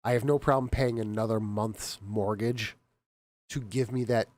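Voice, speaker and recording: A man's voice: lowish voice, fairly even intonation, normal speed, darkish tone. A man in his forties chatting casually and profanely with friends on a podcast, rambling and laughing a lot. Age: 40s. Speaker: podcast host. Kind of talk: casual banter among friends. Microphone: desk mic on a live-streamed podcast.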